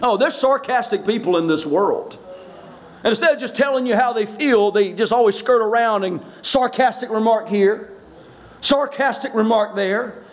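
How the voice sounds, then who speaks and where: Pastor, male, very high pitch, preaching hard with shouted emphasis. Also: moderate pace. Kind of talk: sermon.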